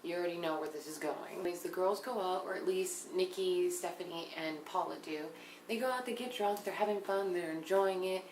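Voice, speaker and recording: A young woman recapping a reality show in a blunt, casual way, swearing often and sometimes dropping into hushed asides. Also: on the low side, a little fast. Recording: echoey room, faint background noise.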